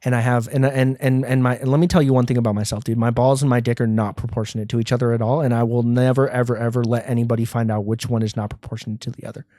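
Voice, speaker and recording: A man's voice: medium pitch, level tone, fast talker, hardly any pauses, mellow, no echo, studio quality. A young man from the United States hosting a comedy podcast solo, rambling, swearing and laughing at his own jokes. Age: young adult. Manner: rambling, profane, often laughing. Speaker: podcast host.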